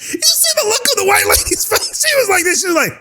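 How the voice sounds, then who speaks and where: A man's voice: very high voice, sing-song, quick pace, bright, forceful tone. A man hosting a reaction video who talks casually and animatedly, breaking into laughter and mocking asides.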